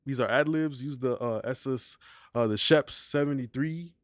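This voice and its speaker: A man's voice: mid-range voice, normal speed, no room sound, clean studio sound. A man hosting a casual vocal mixing tutorial, talking in a slangy, laid-back way and often asking "you feel me". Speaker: mixing engineer tutorial host.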